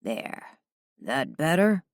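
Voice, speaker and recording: A gruff, irritated rock star, voiced by a woman narrator who answers curtly and sarcastically. The voice stays low and the sound is dry and close. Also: sing-song, moderate pace, no echo. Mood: gruff, annoyed.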